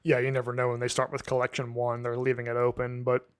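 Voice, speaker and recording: A man's voice: medium pitch, monotone, no room sound, clean studio sound. A man co-hosting a podcast, chatting casually and leaning on "like" as a filler. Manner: quick and chatty, many "like" fillers. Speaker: podcast co-host.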